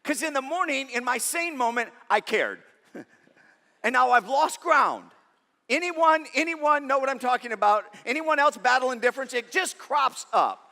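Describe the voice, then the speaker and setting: A middle-aged man preaching a sermon as pastor, conversational and animated, with self-deprecating stories. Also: extremely high pitch, moderate pace, vocal fry. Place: large church auditorium. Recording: long reverb of a church hall.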